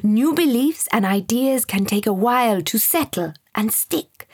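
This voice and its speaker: A gentle, wise male guide, read by a woman in a storybook, speaking softly and patiently. The voice is breathy and slightly husky. The delivery is slow and unhurried, recorded close and dry. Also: fairly high pitch, lively intonation, dry recording. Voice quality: soft, gentle voice.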